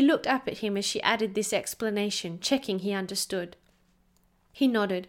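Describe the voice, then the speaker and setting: A woman narrating a storybook in a slow, measured reading. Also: medium pitch.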